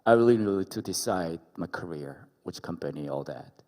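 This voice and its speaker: A man's voice: low voice, expressive, moderate pace, darkish tone, pitched below the performer's own voice. A man voicing a young man who earnestly and apologetically asks about his career, in a reverberant worship hall.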